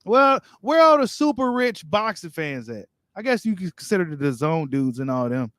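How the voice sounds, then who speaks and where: A man with a fairly high voice hosts a boxing live stream. He reads viewer comments and answers them in loose, slangy chat. The sound is close and dry, with no room around it. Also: sing-song, normal speed, fairly bright tone, no room sound. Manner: casual, slangy, talks straight to viewers. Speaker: boxing channel host.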